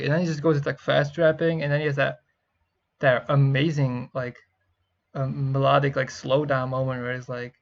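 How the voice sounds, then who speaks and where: A young man giving rambling, excitable music reaction commentary, swearing often and filling pauses with "uh" and "like". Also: medium pitch, creaky. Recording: dull lo-fi mic with faint music. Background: faint music playing.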